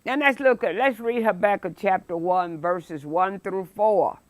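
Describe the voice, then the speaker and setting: A woman's voice: medium pitch, dry recording. A woman pastor teaching a midweek Bible study sermon. She preaches emphatically, stretches out key phrases and reads scripture with dramatic force. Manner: drawn-out, deliberate stresses on key phrases.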